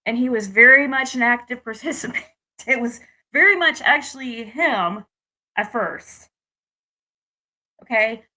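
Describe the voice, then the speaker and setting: A young adult woman from the United States talks through a dating disappointment for her channel, looping back and restarting as she vents. Her voice is bright and ringing, sitting a little higher than most women's. She sounds frustrated and candid. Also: lively intonation, measured pace, pauses often. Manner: rambling, restarts, frustrated venting. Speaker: vlogger. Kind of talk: casual personal story to camera.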